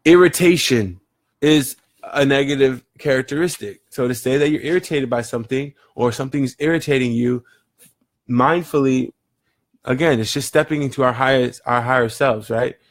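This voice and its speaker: A man's voice: mid-range voice, moderate pace, no room sound, clean studio sound. A man giving an earnest, rambling motivational monologue, often repeating words as he thinks aloud. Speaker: motivational vlogger. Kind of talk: reflective casual monologue.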